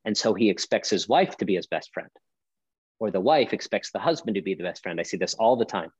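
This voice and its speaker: A man's voice: on the low side, animated, brisk, slightly rough, no room sound, low-quality recording. A man speaking as a pastor on a podcast, emphatic and preacherly, driving his point with rhetorical questions. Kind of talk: podcast conversation.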